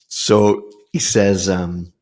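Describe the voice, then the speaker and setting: A man's voice: deep voice, a little mellow. A middle-aged man hosting a podcast, telling a personal story in a casual, rambling way with lots of fillers and restarts. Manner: rambling, loose delivery with many fillers and restarts. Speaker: podcast host.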